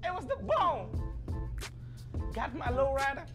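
A man putting on "Big Daddy V", a loud fake gangster. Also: very high voice, wildly swooping pitch, a little slow, over music, pitched above the performer's own voice, exaggerated voice. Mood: swaggering. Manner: boastful, shouty, put-on slang. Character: young man posing as a loud swaggering hip-hop gangster.

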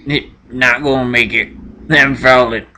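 A young man voicing a doomed male astronaut saying mock-solemn farewells, in a lowered voice. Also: steady tone, unhurried, vocal fry, bright, forceful tone, full character voice. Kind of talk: joking role-play over gameplay.

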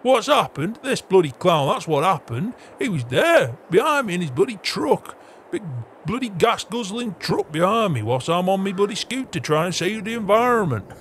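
A man's voice: high voice, very animated, moderate pace, fairly bright tone, a little hiss or hum. An actor playing a grumpy old male farm boss, grumbling, swearing and scolding in a game roleplay.

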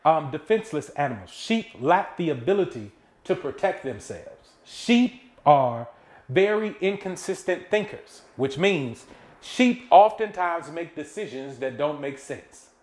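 A man's voice: a little high, very animated, a little slow, a little mellow. A man serving as executive pastor, giving a casual, conversational Bible study to a youth group. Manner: casual, conversational preaching to teens. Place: church room with a screen behind him. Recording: echoey room.

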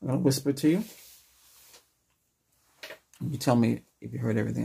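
A man plays a doctor in a soft, gentle whisper right at the microphone, checking in with short questions. His medium-pitched voice is gravelly and slightly rough, brisk in pace yet broken by long pauses.

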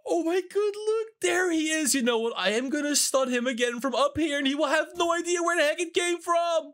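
A man's voice: very high voice, lively intonation, a little fast, a bit bright. A man hosting a gaming video, giving gleeful, giggly commentary while he plays a prank. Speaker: gaming channel host. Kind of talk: excited gameplay commentary.

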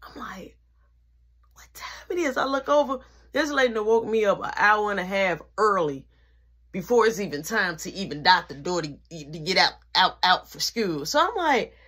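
A teenage woman telling a casual storytime, slangy and animated, with whispered asides. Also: medium pitch, moderate pace.

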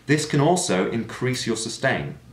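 A man's voice: mid-range voice, very animated, normal speed. A man explaining singing technique in an explanatory manner, now and then demonstrating sounds. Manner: explanatory, with sung and shouted demonstrations. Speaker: singing teacher. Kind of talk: vocal technique lesson. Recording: echoey room.

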